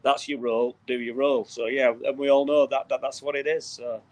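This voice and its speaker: Earnest man, steady speech. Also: mid-range voice, a little fast, poor audio. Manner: earnest, repeats himself, emphatic. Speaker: visiting speedway team driver and father. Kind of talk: casual interview.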